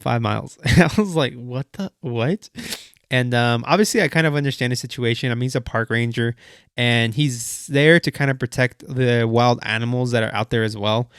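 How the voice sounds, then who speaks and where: A man's voice: mid-range voice, a little fast, fairly bright tone, clear, resonant tone, dry recording. A young man hosting a car vlog, telling a story casually with lots of fillers and quoted asides. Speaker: car channel host.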